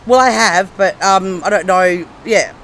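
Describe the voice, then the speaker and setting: A middle-aged woman guest, hoarse and husky from laryngitis, chatting casually with lots of ums and restarts. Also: mid-range voice, a little slow, fairly bright tone, slight background noise, rough recording. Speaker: comedian guest. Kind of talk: casual chat.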